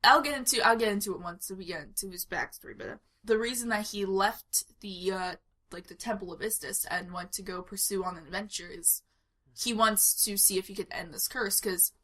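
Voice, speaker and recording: Woman rambling about her d&d character on a podcast, giggles a lot, medium pitch. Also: brisk, sharp tone. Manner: rambling and giggly, explains at length. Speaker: player introducing her character. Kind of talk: casual podcast chat.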